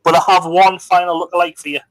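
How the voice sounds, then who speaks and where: A man's voice: sits high, little pitch movement, fast talker, low-quality recording. A man hosting a live stream chat, teasing and jokey. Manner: teasing, jokey, mimics others. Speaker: livestream host. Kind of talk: casual chat.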